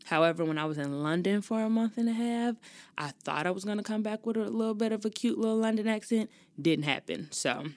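A young woman from Chicago hosting her own podcast, talking in a chatty, animated way with slang and frequent laughs. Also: medium pitch, a little fast, dry recording. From Chicago, US Midwest. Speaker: podcast host. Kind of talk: casual solo podcast chat.

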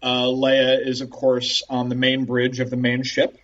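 A man's voice: mid-range voice, unhurried, far from the mic, dull audio. A man co-hosting a podcast, chatting casually and acting out movie scenes as he retells them. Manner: animated retelling, acts out scenes. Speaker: podcast co-host. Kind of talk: casual chat.

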